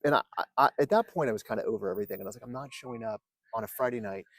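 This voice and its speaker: A man telling long, animated stories in casual chat, swearing freely and acting out what people said. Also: mid-range voice, very fast, no room sound. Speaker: podcast guest. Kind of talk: casual storytelling.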